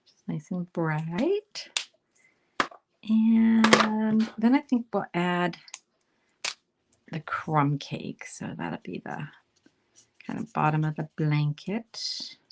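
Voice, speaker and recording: Slow, gravelly-voiced woman demonstrating crafts. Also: lowish voice, noisy background. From Canada. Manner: chatty, thinks aloud while coloring, often drops to a soft murmur. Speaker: card-making demonstrator. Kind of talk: casual live craft demonstration.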